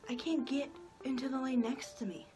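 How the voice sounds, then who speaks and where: A woman's voice: high voice, fairly even intonation, brisk, over music, low-quality recording. A woman in her twenties telling a personal story in a casual, rambling way with lots of filler words. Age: 20s. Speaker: vlogger.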